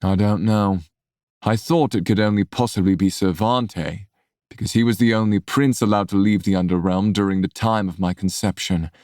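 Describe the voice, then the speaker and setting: A brooding scarred warrior with a very deep voice, quiet and guarded in his speech, as a man voices him. The reading sounds close and dry, with no room in it. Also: fairly even intonation, normal speed, no echo, lightly acted. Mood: somber.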